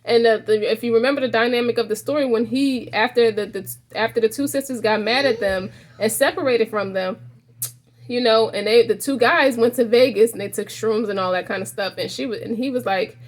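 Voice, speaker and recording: A woman's voice: a little high, a little fast. A woman giving a casual tarot reading to the viewer, rambling and restarting her sentences often. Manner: rambling, frequent restarts, addresses viewer directly. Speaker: tarot reader.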